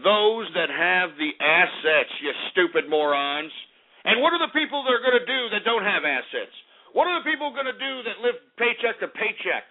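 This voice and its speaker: A man with a high, tight voice rants as the host of a call-in radio show, cursing and insulting his audience. The sound is thin and tinny, like a phone line. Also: very animated, moderate pace. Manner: angry, ranting, profane and insulting.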